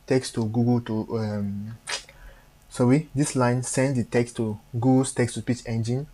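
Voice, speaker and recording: A man hosting a live stream and walking through code step by step. He talks haltingly, with frequent fillers and self-corrections. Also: mid-range voice, fairly even intonation, warm tone. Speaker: coding tutor on a live stream. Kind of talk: step-by-step coding walkthrough.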